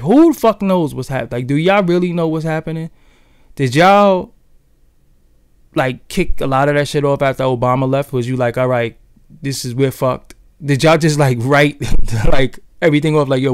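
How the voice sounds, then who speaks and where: A man's voice: a little high, vocal fry, smooth, dry recording, clean studio sound. A man with a Brooklyn New York accent, chatting loosely and profanely with his livestream viewers. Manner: loose and profane, talks straight to the chat. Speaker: livestream host. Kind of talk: casual livestream chat with viewers.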